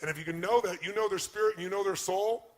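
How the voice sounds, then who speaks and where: A man's voice: high-pitched, quick pace. A man giving an emphatic motivational talk on relationships, acting out quoted speech. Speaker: motivational speaker.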